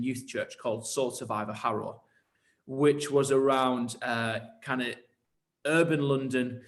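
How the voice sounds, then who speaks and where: A man who leads churches tells his story in an interview with animated enthusiasm. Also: medium pitch. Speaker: church leader and pastor.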